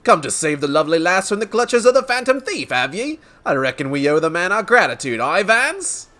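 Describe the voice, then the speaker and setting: A man voicing a gruff, folksy older male retainer with rustic speech. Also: high-pitched, very animated, brisk, pushed and bright, pitched above the performer's own voice, full character voice. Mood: hearty.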